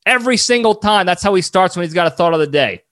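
A man hosting a solo podcast who rambles in an animated way, often cutting himself off mid-thought. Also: high voice, quick pace. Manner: rambling, animated, self-interrupting. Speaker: podcast host.

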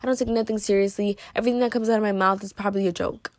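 A woman's voice: medium pitch, steady tone, rapid-fire, no room sound. Rambling teen girl telling a story. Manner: rambling, heavy use of "like" and "you know"; playfully dramatic and joking. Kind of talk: casual storytime monologue.

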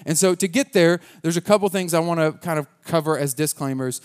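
A man's voice: on the high side, brisk. A man preaching a conversational sermon as pastor, earnest and casual, often restarting his sentences.

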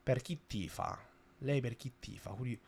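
A young man from Canada, hosting a podcast, telling a story fast and loose with swearing and restarts. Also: medium pitch, a little mellow, slightly rough. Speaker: podcast host. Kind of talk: casual chat.

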